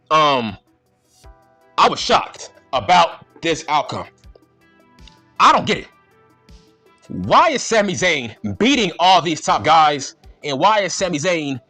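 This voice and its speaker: A man ranting in a casual, exasperated and profane way as a wrestling show reviewer, repeating his points with a slightly husky voice. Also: high-pitched, pushed and bright.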